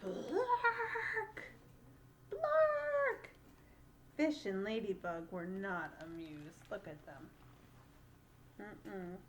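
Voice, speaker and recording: An older woman, a great-aunt, reading a picture book aloud to children in an animated, playful way, pausing to ask questions. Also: lowish voice, a little hiss or hum.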